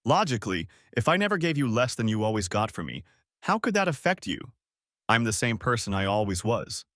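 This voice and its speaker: A man's voice: on the low side, sing-song, fairly quick, a bit bright, no echo, studio quality. Man voicing a composed, persuasive cheating wife. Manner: restrained, reasoning, slightly reproachful.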